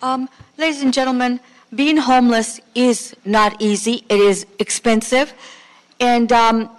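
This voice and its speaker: A woman's voice: a little high, fairly even intonation, measured pace. A woman giving an angry, profanity-laced public comment at a city council meeting. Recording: reverberant council chamber.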